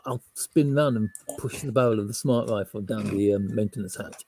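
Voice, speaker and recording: A man's voice: on the low side, brisk, a little mellow. A man playing a tabletop game, joking and voicing his soldier's lines. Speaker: player. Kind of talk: tabletop role-play, in and out of character.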